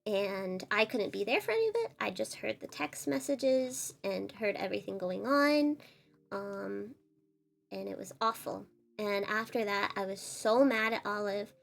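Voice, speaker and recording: A woman's voice: mid-range voice, lively intonation, measured pace, vocal fry. A woman streamer telling an upsetting personal story in a casual, earnest way. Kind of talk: casual storytelling while drawing.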